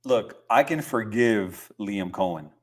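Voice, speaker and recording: A young man hosting a podcast, talking football in a relaxed, rambling way with lots of fillers and easy laughs. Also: lowish voice, slow. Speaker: podcast host. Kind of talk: casual sports chat.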